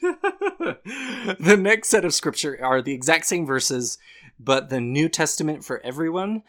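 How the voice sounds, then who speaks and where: A man's voice: a little high, sing-song, measured pace, a bit bright. A man co-hosting a casual podcast chat, explaining things and often breaking into laughter. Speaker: podcast co-host.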